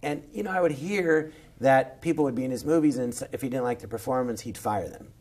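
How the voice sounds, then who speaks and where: A man from Southern California with a Californian accent, telling a long, rambling anecdote as a podcast guest, full of restarts and quick imitations. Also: medium pitch, darkish tone. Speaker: guest comedian.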